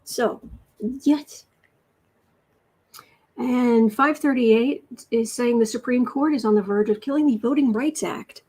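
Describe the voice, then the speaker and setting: A woman's voice: fairly high pitch, moderate pace, few pauses, darkish tone, husky. An American woman hosting a casual political livestream, reading headlines aloud and reacting with exasperation. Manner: exasperated, reads headlines aloud, coos to her cat. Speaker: livestream host.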